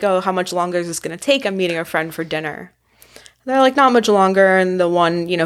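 A young woman in her twenties tells a story on a podcast in a somewhat low voice. She laughs a lot as she talks and acts out what other people said. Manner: animated, laughs often, acts out quotes. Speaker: podcast guest. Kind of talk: casual storytelling chat.

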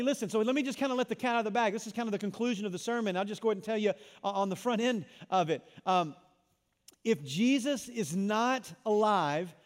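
A pastor preaching a sermon to his congregation, swinging between loud emphatic lines and hushed ones. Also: high voice, long reverb tail. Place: church sanctuary.

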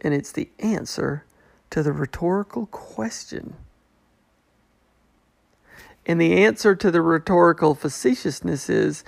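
Man, bible teaching, high voice, dry close sound. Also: unhurried, gravelly, long pauses, dry recording. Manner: acts out the people's questions in a mocking tone. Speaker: preacher.

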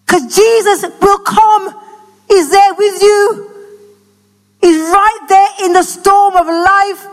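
A woman preaching a passionate sermon that rises to shouts, recorded in an echoey church hall. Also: extremely high pitch, steady tone, takes it slowly.

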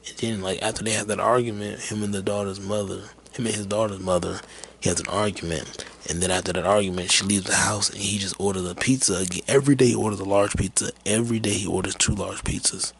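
Man, podcast host, low voice, loose rambling chat, swears freely, faint hiss behind. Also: fairly even intonation, fast talker, vocal fry, fairly bright tone. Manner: rambling, profane, laid-back, with many fillers. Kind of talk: casual movie chat.

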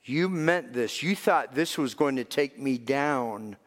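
A male pastor preaching a sermon, swinging between loud emphatic lines and soft hushed ones. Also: mid-range voice, animated, slow pace. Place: church sanctuary. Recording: long reverb of a large hall.

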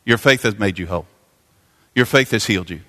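A man preaching a sermon as pastor, repeating phrases and building to loud, fervent climaxes. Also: fairly low pitch, fairly quick. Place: church sanctuary. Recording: long church reverb.

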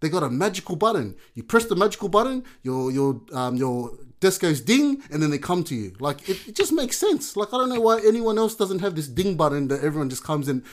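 A man's voice: a little high, a little fast, hardly any pauses. A man, co-hosting a casual podcast chat and telling stories with playful exaggeration. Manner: animated storyteller, playful exaggeration. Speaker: podcast co-host.

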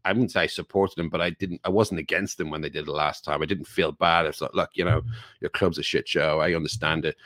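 A man's voice: sits low, fairly bright tone, dry recording, studio quality. A man on a football podcast, talking in a rambling, emphatic way with many restarts. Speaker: podcast panelist. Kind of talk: casual football chat.

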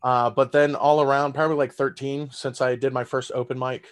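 A man's voice: medium pitch, level tone, brisk. A man with a Southern accent, a stand-up comedian in casual podcast chat who laughs often and talks loosely with lots of fillers and swearing. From Texas.

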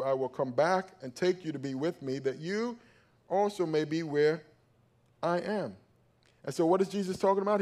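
A male pastor preaching a sermon, calling out to his congregation and swinging from loud emphatic peaks to low quiet stretches. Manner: calls out to the congregation for response.

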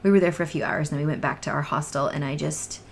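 A woman telling her own story as a guest in an emotional, earnest way, sometimes sinking into soft near-whispers. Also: sits low, fairly even intonation, fast talker, gravelly, a little hiss or hum. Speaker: guest sharing her testimony. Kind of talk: emotional personal testimony in a podcast chat.

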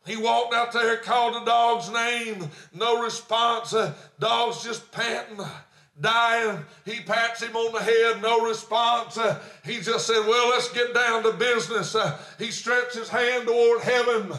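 A man, a pastor telling a story in a sermon, preaching fervently and rising into shouts, with many "uh" fillers. He is recorded in an echoey church sanctuary. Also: extremely high pitch, steady tone, a little slow.

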